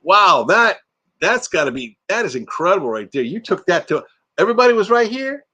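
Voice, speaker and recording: A retired man hosts a casual livestream from inside his RV. His voice is a bit higher than most men's, and it rises and falls a lot as he chats. He is playful and easygoing, joking as he reads viewer comments aloud. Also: sing-song, a little fast, sharp tone, husky. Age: retired, middle-aged or older. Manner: chatty and playful, reads out names and jokes, hums tunes. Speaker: livestream host. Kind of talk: casual live chat reading viewer comments.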